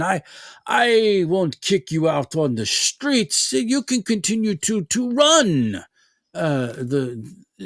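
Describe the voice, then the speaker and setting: A man's voice: high-pitched, vocal fry, dry recording, studio quality, voice pushed up, heavily acted. A man voicing a smug goblin businessman who calls in a loan with oily false kindness. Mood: falsely kind.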